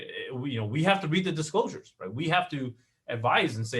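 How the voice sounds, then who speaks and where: A middle-aged man teaching a live online real estate class in an animated way, often checking in with "right?". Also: mid-range voice, fairly quick.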